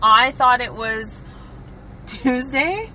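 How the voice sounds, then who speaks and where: A woman in her forties with a high, bright voice that swoops around a lot. She is a playful podcast co-host who laughs often. Faint traffic hums behind her. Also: expressive, low-quality recording. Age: 40s. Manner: giggly, playful, quick to laugh. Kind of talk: casual chat.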